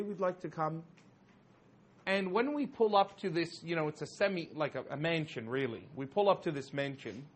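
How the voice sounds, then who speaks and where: Male storyteller, slightly high voice, animated and laughing, casual talk. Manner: animated, laughing often, heavy use of "you know". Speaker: storyteller speaking to an audience.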